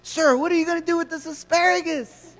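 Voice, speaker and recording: Guy doing a super chipper store cashier, way higher voice, sir this sir that, big echoey hall. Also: steady tone, brisk, a bit bright. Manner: chipper, calls everyone sir. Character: relentlessly polite cheerful male grocery cashier. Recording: long hall reverb.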